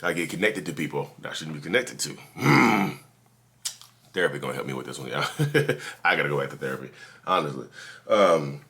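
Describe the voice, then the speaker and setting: A podcast host with an extremely low voice, full of big pitch swings and vocal fry, talks a little fast in a sharp tone. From his office he gives casual, preachy advice straight to his listeners, repeating himself and calling them "y'all."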